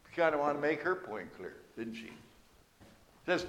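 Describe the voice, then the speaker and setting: A man's voice: fairly high pitch, sing-song, fairly quick, pushed and bright. A man preaching a sermon in a conversational storytelling way, with asides to the congregation.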